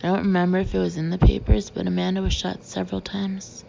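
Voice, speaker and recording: A woman narrator voicing a gruff, bitter, middle-aged male detective who talks bluntly and sarcastically. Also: on the low side, level tone, fast, warm tone, highs cut off, a little hiss or hum.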